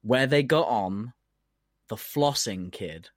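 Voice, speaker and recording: A man's voice: fairly low pitch, lively intonation, slow, no echo, studio quality. A man co-hosting a casual comedy podcast, ranting and swearing a lot as he gets worked up. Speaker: podcast co-host.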